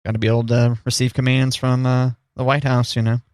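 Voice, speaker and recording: A man's voice: mid-range voice, flat delivery, brisk, darkish tone, dry recording, clean studio sound. A man co-hosting a radio show, bantering casually with joking, rambling asides.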